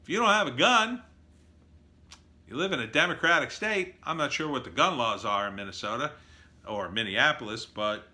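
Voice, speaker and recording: Sarcastic guy ranting his hot take, super bright sharp voice, mid pitch. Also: normal speed. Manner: sarcastic, animated. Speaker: political commentator. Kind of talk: opinion monologue.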